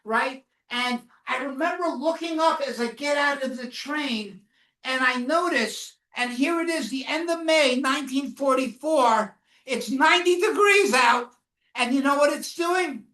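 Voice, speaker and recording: Woman, high voice, unhurried. Solemn first-person testimony to students with audience questions. Mic far off in an echoey room. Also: fairly bright tone. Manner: questions the audience often and waits for answers; slow, solemn storytelling. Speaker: Holocaust educator speaking to students. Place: classroom or lecture hall.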